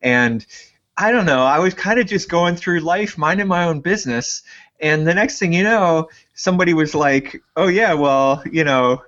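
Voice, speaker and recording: A man co-hosting a podcast, chatting casually and telling jokey, animated stories. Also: high-pitched, moderate pace, lo-fi sound. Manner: joking, animated storyteller. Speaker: podcast co-host. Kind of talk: casual chat.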